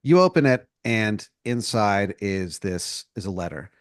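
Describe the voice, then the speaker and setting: A man's voice: lowish voice, animated, measured pace, dry recording, clean studio sound. A man co-hosting a comedy podcast, improvising a rambling story with lots of restarts. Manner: rambling, full of likes and restarts. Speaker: podcast co-host.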